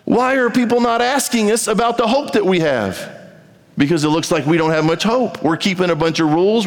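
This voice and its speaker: A man's voice: high voice, lively intonation, a little fast. A male pastor preaching a sermon with emphatic delivery, acting out the voices of imagined speakers. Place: large church sanctuary. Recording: reverberant hall.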